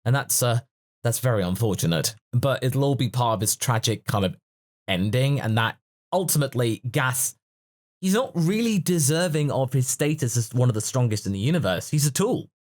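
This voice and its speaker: A man's voice: medium pitch, animated, normal speed. A man hosting a casual podcast discussion, musing and analytical in a chatty way. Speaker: podcast host.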